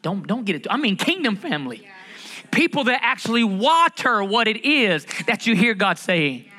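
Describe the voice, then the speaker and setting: A middle-aged pastor delivers a sermon. His voice sits high and sounds bright and forceful. He drives points home by repeating phrases and putting questions to the congregation. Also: very animated, normal speed. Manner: emphatic preaching, repeats key phrases, asks the congregation questions.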